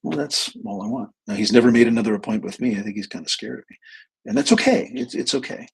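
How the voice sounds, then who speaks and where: A man's voice: medium pitch, very animated, quick pace. A man telling a story on a casual live stream, acting out both sides of a conversation and swearing bluntly. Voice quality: gravelly, husky voice. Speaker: therapist and energy healer.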